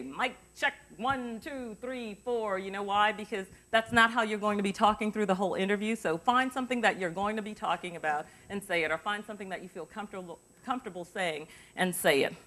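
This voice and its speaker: A middle-aged woman runs a workshop at a university forum, wearing a lapel mic. Her voice is bright and clear, sitting at an ordinary pitch. She is chatty and lively, throwing questions to the room to keep the students involved. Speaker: journalist giving an interview workshop. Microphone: lavalier.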